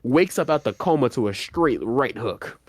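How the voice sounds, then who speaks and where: A man co-hosting a casual podcast, recapping an anime plot in loose slang. He acts out each character's lines as he goes, shifting his delivery, and his voice sits at an ordinary pitch. The sound is close and dry, with little room echo. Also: animated, normal speed. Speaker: podcast co-host.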